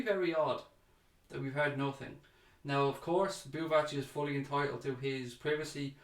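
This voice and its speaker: A man's voice: mid-range voice, roomy sound. A man hosting a casual fan chat livestream, reading out viewer comments and chatting back to them, calling people mate.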